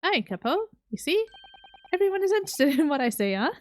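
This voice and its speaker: A woman's voice: high voice, sing-song, brisk, pitched above the performer's own voice. A woman doing a swaggering Italian-accented crime boss. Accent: put-on Italian. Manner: swaggering, sing-song, punctuating with "eh?". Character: boisterous Italian-accented male criminal boss.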